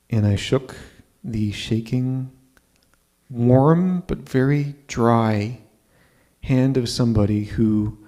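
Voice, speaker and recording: A man's voice: medium pitch, mellow. A man in his fifties telling a personal story live on stage, conversational and checking in with the audience. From Ontario, Canada.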